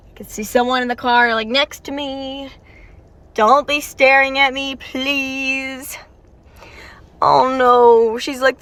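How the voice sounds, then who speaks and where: Woman, very high voice, bright and sharp tone, excitable rambling reaction talk, inside a car. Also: no room sound. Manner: excitable, chatty, talks straight to viewers with frequent restarts. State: tired and warm. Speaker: video creator reacting to a game story. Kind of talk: rambling reaction commentary to viewers.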